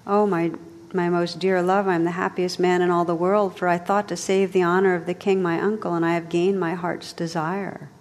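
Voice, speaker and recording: A woman reading the lines of a devoted, humble young male knight in a soft, earnest way, with long hall reverb. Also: on the low side, flat delivery, moderate pace, close to an everyday voice. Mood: ardent.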